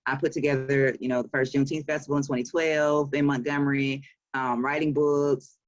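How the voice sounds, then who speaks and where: A woman's voice: rumbling low, little pitch movement, a little fast, no room sound, dull audio. A woman in her forties with a Southern US accent, an author talking about her work in a casual interview, chatty and laughing often. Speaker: author and publisher.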